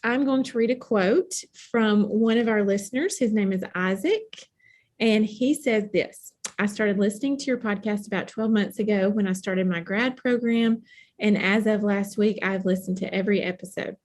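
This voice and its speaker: A woman co-hosting a podcast in casual chat, calm and brief in her replies. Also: medium pitch, normal speed. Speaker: podcast co-host.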